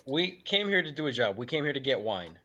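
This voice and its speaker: A man speaking as a tabletop player, earnest and thorough as he asks question after question. His voice sits at a middle pitch. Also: big pitch swings, brisk, pushed and bright, lo-fi sound, slight background noise. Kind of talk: casual tabletop role-play.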